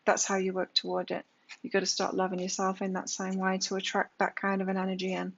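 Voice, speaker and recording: A woman's voice: mid-range voice, monotone, quick pace, vocal fry. Emphatic woman giving a tarot reading. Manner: emphatic, lecturing, rhetorical questions. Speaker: tarot reader. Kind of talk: live tarot energy reading. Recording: slightly dull lo-fi sound.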